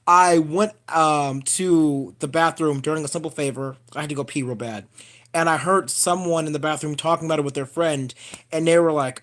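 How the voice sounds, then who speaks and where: Animated, profane male vlogger. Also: on the high side, normal speed. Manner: addresses viewers as y'all. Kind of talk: casual live-stream rant.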